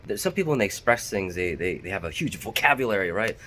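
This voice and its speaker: A man's voice: sits low, sing-song, fast, fairly bright tone, slight background noise. Chatty man talking to camera. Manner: candid, chatty, self-deprecating. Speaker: vlogger. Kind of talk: casual talk to camera.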